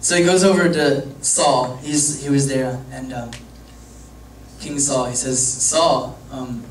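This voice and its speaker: A man's voice: medium pitch, fairly even intonation, a little slow. A young man, a youth pastor, telling a story to a youth group in a casual, joking, rambling way. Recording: echoey room from far off, faint hum.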